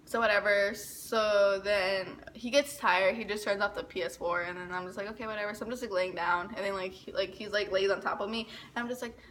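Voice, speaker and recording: Young woman, casual storytime vlogger, bright tone, giggly and nervous, swears, acts out her reactions. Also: mid-range voice, steady tone, brisk, few pauses, a little hiss or hum. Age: young adult.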